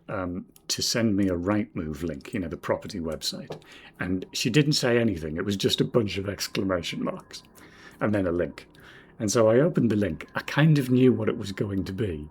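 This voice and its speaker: A man in his forties from Northeast England with a southern English accent, streaming a game in casual commentary, rambling and self-deprecating, muttering quiet asides to himself. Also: low voice, husky. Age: 40s. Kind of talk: casual game commentary while reading chat.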